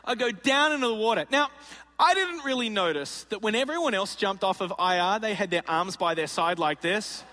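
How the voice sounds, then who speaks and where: A man preaches in a sermon, spinning a comic story and playfully acting out its people. His voice sits high and bright. It rings with the long reverb of a large hall. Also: lively intonation, a little fast. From Australia. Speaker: pastor. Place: large auditorium.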